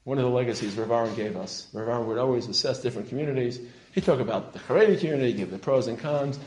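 A man delivers a sermon-style lecture with fervent conviction, his voice at an ordinary middle pitch. He builds to loud, emphatic peaks, weaving in Hebrew terms as he goes. The sound carries the roomy echo of a lecture hall. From Israel. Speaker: rabbi giving a lecture.

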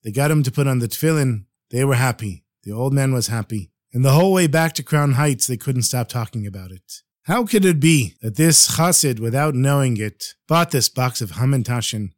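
A man's voice: mid-range voice, expressive, moderate pace, few pauses, no room sound, clean studio sound. A man telling religious stories on a podcast, preaching a little and addressing listeners fondly. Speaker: storyteller. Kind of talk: podcast storytelling.

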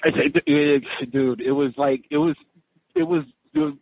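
Lively, gravelly podcast host man. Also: on the high side, a little slow, dry recording. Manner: rambling, filler-heavy, self-correcting. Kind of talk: casual chat. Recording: dry dull lo-fi podcast audio.

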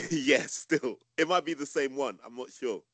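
A man from London co-hosting an interview in a relaxed, conversational way. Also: mid-range voice, measured pace. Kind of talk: casual interview chat.

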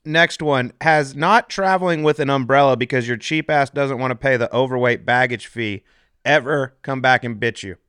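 A man's voice: mid-range voice, normal speed, fairly bright tone, smooth, no echo, studio quality. A man co-hosting a casual podcast, ribbing the guest with wisecracks. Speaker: podcast co-host.

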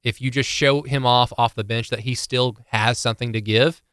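In casual sports chat, this man co-hosting a podcast rambles with lots of fillers and restarts. His voice is mid-range, smooth and fairly bright, with fairly even intonation at a normal speed. The audio is dry and of studio quality.

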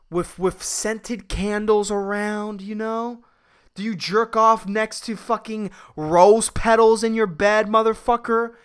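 A man's voice: high-pitched, a bit bright, smooth. A man hosting a solo podcast in a casual, profane, rambling rant, often laughing at his own jokes. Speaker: podcast host.

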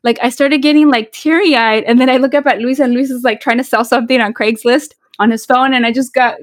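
A woman's voice: sits high, fairly even intonation, fairly quick, no room sound, clean studio sound. A woman, co-hosting a casual chat and rambling heartfelt, switching into Spanish. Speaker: podcast co-host. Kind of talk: casual chat among friends.

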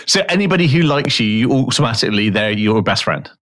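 Man, podcast co-host, middle pitch, laid-back, dry teasing. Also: expressive, fast talker, a bit bright. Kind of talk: casual chat.

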